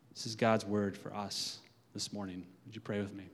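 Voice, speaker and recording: A man preaching as a pastor, talking in a relaxed, conversational way with many "uh" fillers, then reading scripture and praying. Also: lowish voice, moderate pace. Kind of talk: sermon with scripture reading and prayer. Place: church sanctuary. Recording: long hall reverb.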